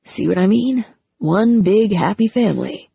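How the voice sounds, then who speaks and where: A woman reading the lines of a brisk, practical adult man in an audiobook. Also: high-pitched, lively intonation, gravelly, dark tone, slightly rough, no room sound, muffled recording, full character voice. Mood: wry.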